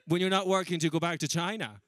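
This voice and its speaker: Bright-voiced stand-up comedian. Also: male voice, sits high, steady tone, no room sound. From Ireland. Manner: chatty, self-mocking, quick asides to the crowd. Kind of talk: live stand-up set with crowd work. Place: comedy stage before a live audience.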